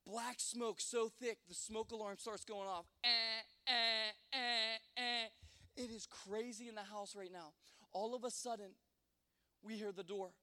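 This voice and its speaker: High-voiced man telling a rambling story in a hall. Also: normal speed. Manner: lively, rambling, with frequent restarts and fillers. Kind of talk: animated comic personal story told to an audience. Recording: long hall reverb.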